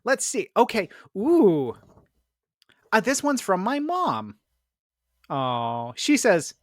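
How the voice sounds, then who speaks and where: A man's voice: high voice, huge pitch swings, takes it slowly, long pauses, no room sound. A male radio co-host doing comedic banter in a studio, playful and laughing at his own slips.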